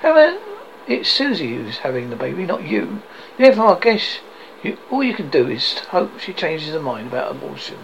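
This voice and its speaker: A man's voice: fairly high pitch, very animated, normal speed, creaky, slight background noise, rough recording. Man reading a matter-of-fact male friend. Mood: advising. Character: practical male friend giving advice.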